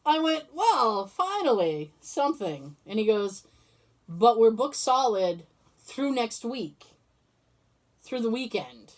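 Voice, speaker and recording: A woman's voice: on the high side, sing-song, slow. A woman hosting a podcast, casually telling a story and acting out both sides of the conversation, swearing freely. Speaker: podcast host. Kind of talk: casual chat.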